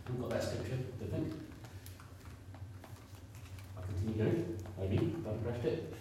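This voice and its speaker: A man's voice: mid-range voice, normal speed, noisy background. A man in his fifties preaching a sermon in a conversational way, repeating points and asking the congregation questions. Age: 50s. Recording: echoey room, picked up from a distance.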